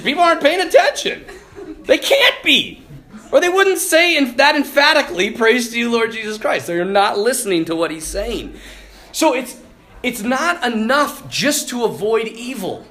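A priest delivers a loose, joking retreat talk in a high, lively male voice that swings up and down. He laughs often and keeps a bright, cutting edge as he preaches. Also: moderate pace. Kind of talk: informal sermon.

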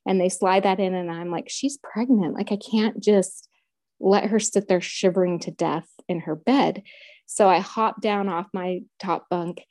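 A woman's voice: medium pitch, steady tone, a little slow, darkish tone, no room sound, clean studio sound. A middle-aged woman telling her own story in casual conversation, retelling events vividly and acting out quotes.

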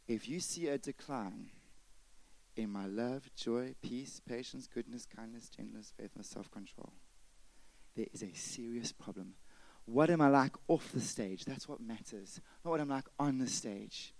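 A man preaching a sermon with passion, dropping to a hush and then rising loud again. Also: medium pitch, unhurried, poor audio. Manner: impassioned preaching, swings from loud to hushed. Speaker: pastor.

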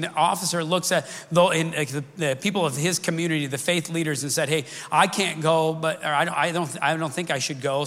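A man's voice: on the high side, a bit bright. A middle-aged man preaching a sermon as pastor, speaking conversationally, wandering off track and restarting his sentences. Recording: long reverb of a large hall.

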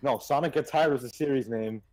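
A man's voice: medium pitch, brisk, a crowd in the background, low-quality recording. A young man co-hosting a casual podcast, rambling and restarting as he retells things. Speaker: podcast co-host. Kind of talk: casual chat.

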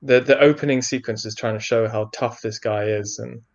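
A man's voice: mid-range voice, steady tone, normal speed. Chatty man with a dull lo-fi sound. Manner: chatty, lots of likes and fillers. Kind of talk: casual chat.

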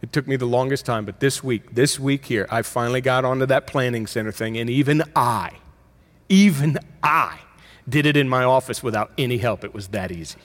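A middle-aged man delivers a sermon from the pulpit. His pitch sits in a middling range, and his delivery stays conversational, pushing up in emphasis and catching itself mid-phrase before pressing on. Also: quick pace, hardly any pauses. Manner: conversational preaching with emphatic rises and self-corrections. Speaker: pastor.

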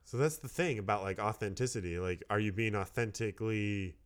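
A man in relaxed casual conversation, asking questions and laughing easily. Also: on the low side, fairly quick. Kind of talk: casual chat.

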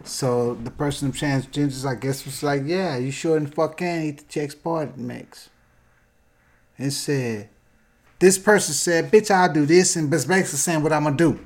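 A man tells a story in casual chat. He is animated and bursts into loud acted-out quotes. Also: on the high side, normal speed. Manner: animated, acts out quoted voices loudly.

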